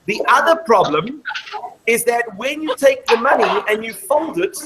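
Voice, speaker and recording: A woman's voice: on the high side, expressive, moderate pace, noisy background. A woman presenting a live maths show to a classroom of children, explaining step by step and quizzing the class as she goes.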